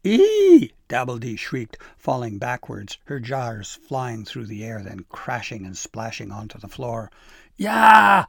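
A man narrating a storybook in a gentle, measured reading. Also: lowish voice, steady tone, gravelly, slightly rough, no room sound, clean studio sound.

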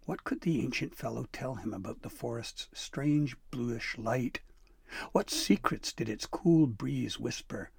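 A man narrating a children's storybook, shifting his reading to match the scene. His voice is gravelly and somewhat husky, recorded close in a dry space. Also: medium pitch, unhurried, no echo.

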